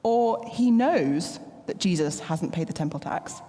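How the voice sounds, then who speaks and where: A woman, preaching a sermon in a playful, animated storytelling manner. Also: fairly low pitch, a little slow, long reverb tail. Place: church.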